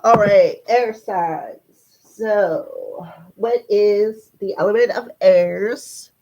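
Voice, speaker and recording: Squeaky-voiced woman giving a chatty card reading. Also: very slow, mellow, highs cut off. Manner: chatty, talks straight to viewers. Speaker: tarot and numerology reader. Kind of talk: casual live-stream card reading.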